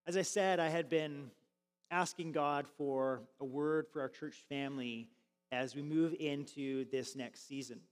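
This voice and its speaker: High-voiced man preaching a sermon. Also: steady tone, unhurried, in a large hall. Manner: conversational with frequent fillers and restarts. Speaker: pastor. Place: church sanctuary.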